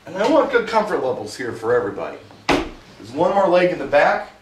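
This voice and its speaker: Narrating his own DJ setup as he works, a man talks casually and a little fast in a high, very animated voice, slightly winded from hauling equipment and tossing in mild humor. He's a mobile DJ showing off gear; the mic is distant in an echoey room with faint hiss.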